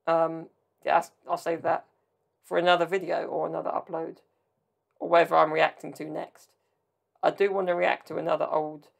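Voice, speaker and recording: The gravelly, mid-range voice belongs to a Southern Italian podcast host chatting casually by themselves. The talk rambles, drifting into tangents with jokey asides.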